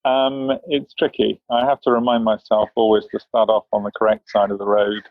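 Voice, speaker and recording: A British man in his fifties, a physician answering interview questions in a measured, dry, understated way. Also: on the low side, little pitch movement, dry recording, narrow, tinny audio. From England. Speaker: guest physician.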